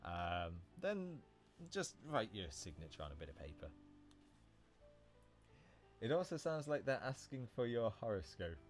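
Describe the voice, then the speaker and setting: A man's voice: fairly low pitch, very animated, unhurried, long pauses, soft background music. A man hosting a casual livestream, explaining English vocabulary in a chatty way, often correcting himself and laughing at his own slips.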